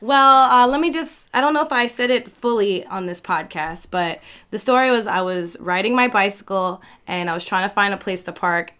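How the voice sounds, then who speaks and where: A woman's voice: medium pitch, moderate pace, hardly any pauses, clean tone. A young woman from New York, a podcast co-host telling a story in casual chat, full of "like" fillers and the odd swear word. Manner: animated storyteller, frequent "like" fillers, swears freely.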